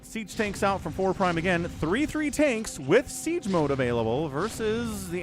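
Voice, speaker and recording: A man's voice: sits high, big pitch swings, a little slow, hardly any pauses, music in the background. A man streaming casual game commentary, sarcastic and rambling as he talks to his chat. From United States. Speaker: esports caster and streamer.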